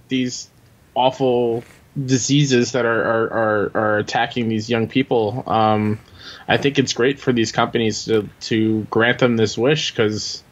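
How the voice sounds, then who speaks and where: A man co-hosting a casual gaming podcast, speaking haltingly with frequent restarts. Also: mid-range voice. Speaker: podcast co-host. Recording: dull lo-fi mic.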